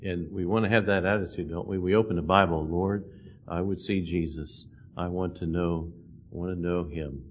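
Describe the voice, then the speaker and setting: Male preacher, low voice, earnest scripture-quoting sermon, dull recording. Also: fairly even intonation, moderate pace. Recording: dull lo-fi sound with faint noise.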